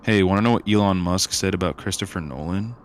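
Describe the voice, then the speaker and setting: A man's voice: sits low, fast, slight background noise. A young man co-hosting a podcast, talking loosely with lots of fillers and slang in casual chat. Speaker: podcast co-host.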